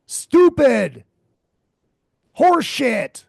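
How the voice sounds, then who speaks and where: Male podcast host, profane exasperated ranter, slow drawl with a gravelly edge. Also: high voice, big pitch swings, no room sound, studio quality. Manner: profane, exasperated, repeats himself. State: tired and hungover. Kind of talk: crude comedic rant.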